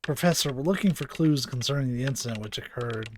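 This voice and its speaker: Man voicing a calm young policewoman. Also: mid-range voice, fast, background noise, lightly acted. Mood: businesslike.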